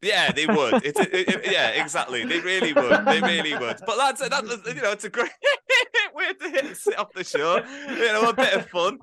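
A man's voice: high voice, very animated, moderate pace, a loud crowd. A man hosting a casual podcast, upbeat and rambling, often laughing. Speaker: podcast host.

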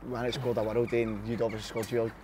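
A man in casual chat, talking in a hurried, halting way with restarts. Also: medium pitch, little pitch movement, a crowd in the background.

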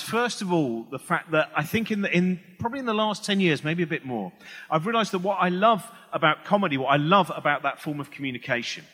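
A middle-aged comedian talks to an audience in a big hall, and his voice trails off into a long reverb. His tone is bright and a little sharp, set slightly high for a man. He wanders, restarts his sentences and slips into other people's voices. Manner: rambling, self-interrupting, acts out quoted voices. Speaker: comedian giving a talk. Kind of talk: stand-up style public talk.

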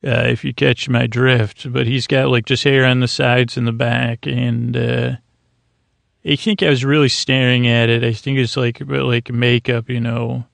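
A man's voice: mid-range voice, flat delivery, measured pace, creaky, dry recording. A man casually recapping a TV episode, rambling with many fillers and restarts, paraphrasing the characters' lines as he goes. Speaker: podcast host recapping an episode.

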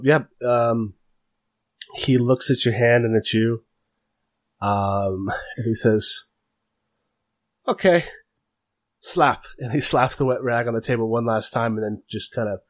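A man's voice: mid-range voice, little pitch movement, unhurried. A man narrating as game master of a tabletop game, hesitant and full of fillers.

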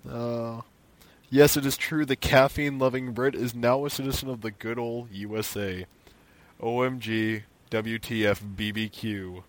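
A man's voice: medium pitch, steady tone, measured pace. Casual young man reading listener emails. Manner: reads emails aloud, opinionated asides. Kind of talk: casual chat.

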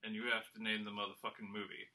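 A man's voice: on the low side, quick pace. A man hosting a casual party game among friends, explaining the rules and reading movie quotes. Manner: reads quotes in a flat monotone. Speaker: game host. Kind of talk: casual podcast game chat.

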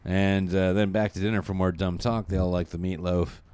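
A man casually recapping a TV episode for friends, rambling and slipping into quick mocking voices for the characters. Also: sits low, level tone, a little mellow, smooth. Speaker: podcast host recapping a TV episode. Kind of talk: casual comedic recap chat.

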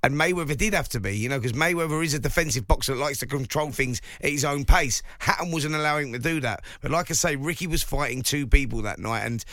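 A man co-hosting a casual sports chat who breaks down the fight action in emphatic, quick bursts. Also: on the high side, pushed and bright, no echo, clean studio sound. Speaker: boxing pundit, co-host.

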